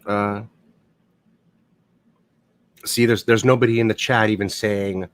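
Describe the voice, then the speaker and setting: A man's voice: lowish voice, measured pace, long pauses, dry recording. A man hosting a casual livestream, swearing freely and rambling as he talks through gossip. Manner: profane, rambling, blunt. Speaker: livestream host.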